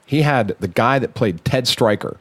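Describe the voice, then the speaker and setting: A man's voice: medium pitch, expressive, normal speed, a bit bright. A man hosting a casual podcast, rambling and restarting his sentences, cursing now and then. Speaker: podcast host.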